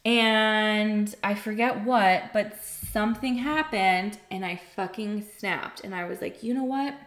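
A woman's voice: medium pitch, takes it slowly. Candid, swearing young woman in an echoey room. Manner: candid, animated, swears freely, many fillers. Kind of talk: casual storytelling chat.

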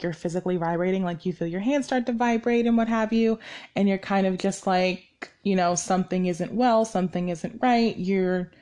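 A woman's voice: medium pitch, a little mellow. Candid, rambling young woman host. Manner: candid, rambling, self-correcting. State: sleep-deprived. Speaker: podcast host. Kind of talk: personal reflective monologue.

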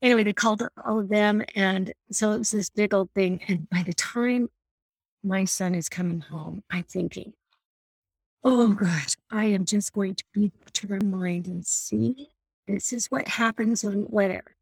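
A middle-aged woman shares a personal faith story in an earnest, heartfelt way. Her voice has a gravelly edge. The sound is close and dry. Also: medium pitch, moderate pace, no echo. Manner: warm, earnest storytelling with self-deprecating laughs. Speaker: mother sharing a faith story.

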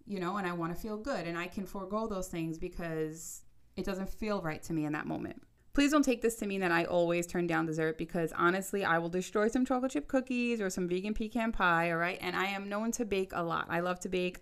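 A woman in her thirties giving casual advice straight to her audience, talking quickly in bursts and often checking in with "okay?". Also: on the low side, clear, resonant tone. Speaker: vlogger. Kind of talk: casual advice monologue to camera.

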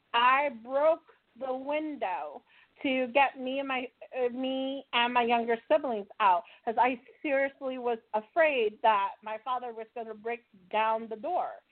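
A woman with a slightly high voice recounts her childhood in a plainspoken, earnest testimony, often pausing to check in with the listener. The sound is thin and tinny, like a phone line. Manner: earnest, plainspoken, with fillers like "right?". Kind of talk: personal testimony.

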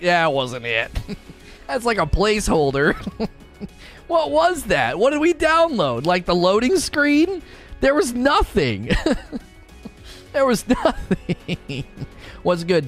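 Excitable teasing guy streaming to chat, pitch all over the place, kinda high, faint music behind. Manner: excitable, teasing, often breaks into laughter. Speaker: live streamer. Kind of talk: casual live-stream chat with viewers.

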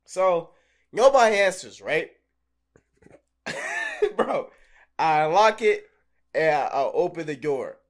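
Animated, swearing young man telling stories. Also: high-pitched, takes it slowly, long pauses. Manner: animated storyteller, swears freely, laughs often. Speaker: podcast co-host. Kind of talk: casual chat.

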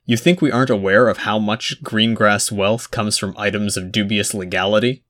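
A man's voice: fairly low pitch, steady tone, normal speed, fairly bright tone, close to an everyday voice. A man reading aloud and voicing a smug, insistent lord politician.

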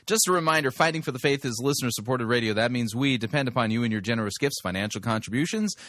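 A man hosting a talk radio show, commenting with sarcasm and loud mock outrage. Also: mid-range voice, fast talker, slight background noise.

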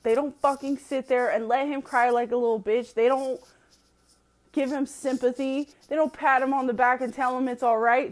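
A woman's voice: sits high, steady tone, normal speed. A woman giving a casual opinion monologue, emphatic and profane, laughing often as she talks. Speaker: commentator.

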